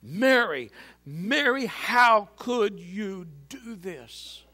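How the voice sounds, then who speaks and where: A man's voice: sits high, big pitch swings, extremely slow, sharp tone, pitched above the performer's own voice, heavily acted. A man voicing a heartbroken young male carpenter who cries out and sobs in anguish. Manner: crying out, sobbing, pleading.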